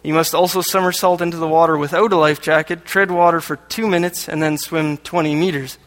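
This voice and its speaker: A man from Canada delivers a sermon with a fairly high voice, reading passages aloud and dropping dry jokes in between. His voice rings out with a long reverb through a church hall. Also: steady tone, a little fast, a bit bright. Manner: joking asides between read passages. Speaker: lay preacher.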